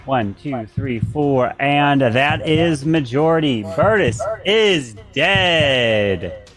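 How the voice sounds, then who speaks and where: A man acting as moderator of a live party game, calling out turns and counting votes in a steady way. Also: mid-range voice, very slow, over music.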